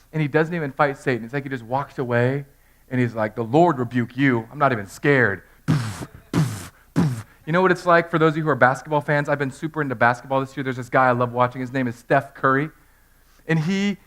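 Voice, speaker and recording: A man in his thirties preaching an animated Easter sermon in a church, telling the story with humor and acting out voices. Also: medium pitch. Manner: storytelling, acts out characters in funny voices. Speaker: pastor. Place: church sanctuary.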